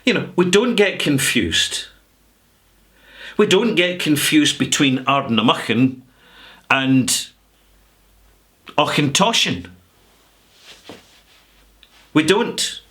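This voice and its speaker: A middle-aged Scottish man vlogging to camera, talking casually with sarcastic, drawn-out emphasis. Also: on the high side, expressive, fairly bright tone. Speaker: whisky vlogger.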